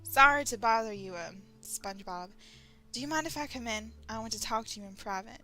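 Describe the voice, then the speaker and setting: A nervous, desperate squirrel woman, as a woman reader puts her on pleads quietly in an attempted Texan accent. The voice is bright and sharp, with faint music under the storybook reading. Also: a little high, animated, brisk. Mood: pleading.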